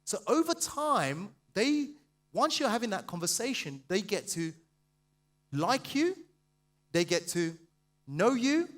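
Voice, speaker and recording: A man giving a passionate, fast sales seminar and quizzing the audience. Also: sits high, sing-song, fairly bright tone. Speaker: sales trainer speaking at a seminar. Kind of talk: live motivational seminar talk.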